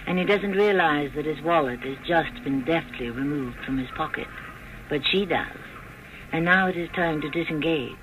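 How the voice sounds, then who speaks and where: A man hosting a radio drama, narrating in a measured, declamatory style. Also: on the high side, background noise.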